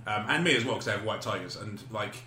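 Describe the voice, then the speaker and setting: A man's voice: on the low side, quick pace, sharp tone, reverberant, slight background noise. A man co-hosting a podcast, telling a casual story with frequent laughter and swearing. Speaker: podcast co-host. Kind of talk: casual chat.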